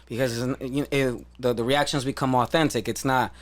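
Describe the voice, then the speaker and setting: A man hosting a casual podcast chat, swearing freely and telling things with lively energy. His voice sits at an ordinary middle pitch. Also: a little fast. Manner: loose, profane, animated storyteller. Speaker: podcast host.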